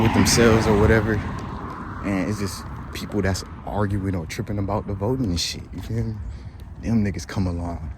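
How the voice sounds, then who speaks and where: A man's voice: fairly low pitch, noisy background. A man vlogging casual commentary, slangy and rambling, repeating his fillers.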